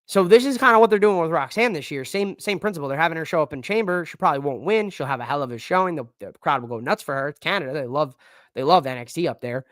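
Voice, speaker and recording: A man's voice: a little high, expressive, fast, a bit bright, no room sound, studio quality. A man hosting a casual live-stream wrestling show, talking loosely with slang and lots of fillers. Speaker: wrestling podcast host.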